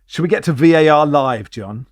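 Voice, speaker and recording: A man hosting a football podcast in casual chat, jokey and quick to slip into comic voices. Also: fairly high pitch, no room sound. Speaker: podcast host.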